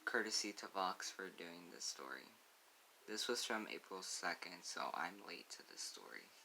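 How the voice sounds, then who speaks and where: Casting: young male channel host, deep gravelly voice, bright edge, slow stumbling read-through of a news piece, faint hiss. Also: sing-song, low-quality recording. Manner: halting, stumbles and restarts on words. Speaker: YouTuber reading news. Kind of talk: casual news commentary, reading an article aloud.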